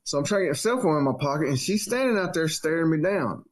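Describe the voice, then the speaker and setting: A man casually telling a story on a podcast and acting out the quotes in a raised voice. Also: quick pace. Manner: animated storyteller, acts out quotes in a high voice. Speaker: podcast co-host.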